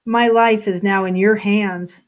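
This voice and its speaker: A woman narrator voicing a calm, insistent woman who hangs from a rope and politely pleads to be held. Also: mid-range voice, unhurried, close to an everyday voice. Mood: pleading.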